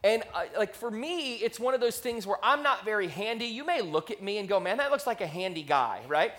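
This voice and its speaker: High-voiced man preaching conversationally. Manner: conversational, animated storytelling with quick rises in volume. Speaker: pastor. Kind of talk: sermon. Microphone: handheld microphone.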